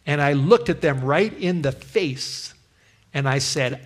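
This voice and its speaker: A male pastor gives a slow, earnest testimony from the pulpit. His voice sits a little higher than most men's, and he often restarts his phrases as he tells the story. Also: animated. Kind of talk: sermon testimony.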